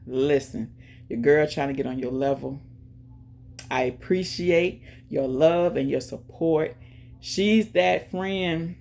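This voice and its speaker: Gravelly-voiced woman chatting to her viewers. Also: low-pitched. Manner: chatty, talks straight to viewers with lots of "y'all"; shout-outs and words of faith. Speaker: YouTube channel host. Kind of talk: casual chat to viewers. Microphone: earphones in, music playing in her ear.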